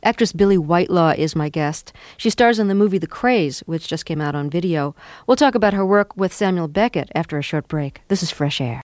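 A woman hosts a radio interview, posing careful questions with the odd stumble. Her voice sits low for a woman and is recorded close and dry in a studio. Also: lively intonation, darkish tone, no room sound. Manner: measured, probing questions with small hesitations. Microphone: studio microphone.

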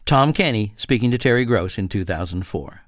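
A man reading a scripted radio announcement in a measured way. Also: fairly low pitch, lively intonation, dry recording, studio quality. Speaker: radio host.

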